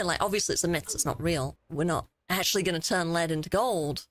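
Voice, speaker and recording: A young woman streaming a horror game, excitable and easily scared, swearing often as she plays. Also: on the low side, a little fast, few pauses, dry recording. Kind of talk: gaming commentary.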